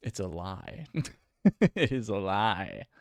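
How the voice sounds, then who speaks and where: A man's voice: low voice, expressive, takes it slowly, creaky, no room sound, studio quality, faint music behind. A young man hosting a livestream, chatting casually in a rambling, self-deprecating way with lots of filler words. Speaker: livestream host. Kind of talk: casual chat.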